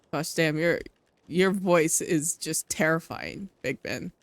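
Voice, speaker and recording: A woman's voice: sits low, takes it slowly, no echo. A woman streamer giving casual, giggly commentary while playing a game and teasing the characters. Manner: giggly, teasing, chatty asides.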